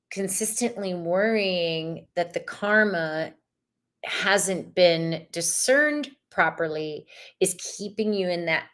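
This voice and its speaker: Female tarot host, livestream, chatty and upbeat, mantra-like repetition. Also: mid-range voice. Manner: upbeat, chatty, with sudden excited squeals; repeats phrases like mantras. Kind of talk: live tarot reading.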